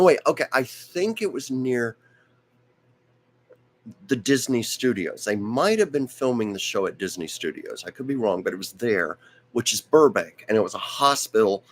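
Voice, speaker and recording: His voice sits in the middle range, animated and at an ordinary speed, as he hosts a live stream. The story he tells is loose and anecdotal, full of asides and restarts, and his voice sounds strained and comes and goes.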